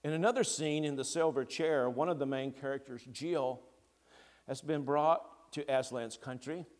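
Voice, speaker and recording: A man preaching a sermon, slow and deliberate with long pauses between phrases. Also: medium pitch, darkish tone.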